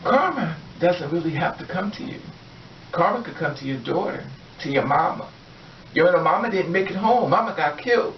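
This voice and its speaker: A woman's voice: on the low side, lively intonation, a little fast, distant mic, a little hiss or hum. A woman vlogger delivering an angry, blunt, profane rant straight to her viewers. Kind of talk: impassioned rant to camera. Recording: echoey room, off mic, dull lo-fi sound.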